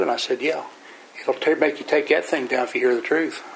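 A man's voice: medium pitch, steady tone, brisk, gravelly, slight background noise, rough recording. Folksy man teaching a Bible study. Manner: folksy, plain-spoken storytelling; explains scripture verse by verse.

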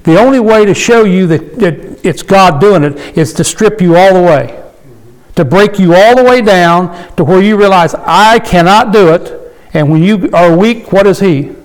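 A man leading an informal Bible study, reading verses slowly and then explaining them plainly, asking the group questions. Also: high voice, low-quality recording. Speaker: Bible teacher.

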